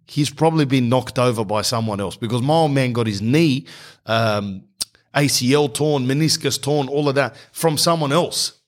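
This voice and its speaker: A man's voice: medium pitch, moderate pace. An Australian man telling a rambling, slangy comedic anecdote that keeps drifting off track.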